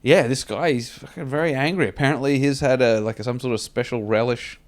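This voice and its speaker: A man's voice: mid-range voice, a little fast. A man, telling a profane comic story on a podcast. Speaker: podcast co-host. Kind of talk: casual comedic storytelling.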